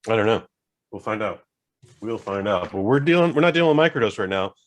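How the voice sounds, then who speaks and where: A man co-hosting a podcast in casual chat, tossing out quick, playful replies. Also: on the low side, lively intonation. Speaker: podcast co-host.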